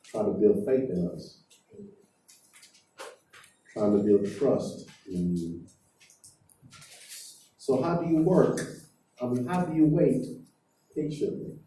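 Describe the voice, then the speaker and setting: Slow, dark-voiced preacher in an echoey hall. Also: male voice, mid-range voice, distant mic, slight background noise. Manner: emphatic, asks the congregation questions. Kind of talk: sermon. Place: church hall. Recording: echoey hall heard from afar.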